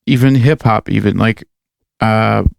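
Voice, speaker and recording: A man's voice: on the low side, a little slow, vocal fry, a little hiss or hum. A man co-hosting a podcast, rambling casually with lots of fillers and swearing. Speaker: podcast co-host and metal musician. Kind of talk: casual chat.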